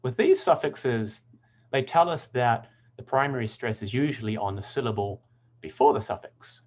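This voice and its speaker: Lively-voiced man teaching pronunciation. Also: mid-range voice, muffled recording. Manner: clear, deliberate word demonstrations. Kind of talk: scripted lesson narration.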